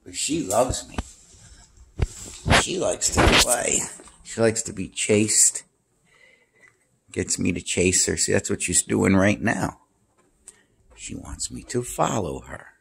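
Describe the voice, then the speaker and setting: In a casual home video shot with a handheld camera, a man coos baby talk to his cat and then rambles through a story; the home has a screened-in porch. He speaks slowly in a lowish, expressive voice with vocal fry and frequent pauses, and there's heavy background noise.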